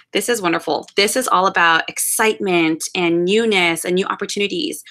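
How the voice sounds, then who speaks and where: A woman delivers a monthly love forecast sign by sign, reading tarot cards in a bright, forceful tone. She speaks directly to the listener, earnest and encouraging, offering spiritual advice with steady reassurance. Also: lowish voice, brisk, few pauses. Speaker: tarot card reader.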